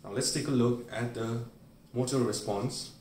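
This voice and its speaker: A man's voice: mid-range voice, normal speed, darkish tone, a little hiss or hum. A man teaching a medical memory aid by telling everyday stories and briefly acting out the people in them. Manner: storytelling, playfully acting out everyday scenes. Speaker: medical educator. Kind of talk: explaining a memory aid with acted-out examples. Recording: roomy sound, recorded from a distance.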